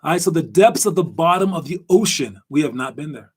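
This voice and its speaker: A man hosting a casual basketball podcast, rambling and animated with lots of fillers. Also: fairly high pitch, a little fast, husky. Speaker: podcast host.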